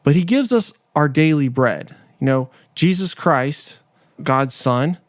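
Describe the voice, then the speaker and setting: A man's voice: on the high side, animated, slow, no room sound, studio quality. A man hosting a podcast, telling a personal story in a candid, conversational and self-deprecating way. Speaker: podcast host. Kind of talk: casual storytelling monologue.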